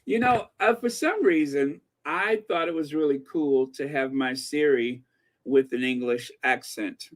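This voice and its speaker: A man hosting a commentary channel in casual chat, laughing and repeating himself as he rambles. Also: a little high. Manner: chatty, slow, laughs between words, repeats himself.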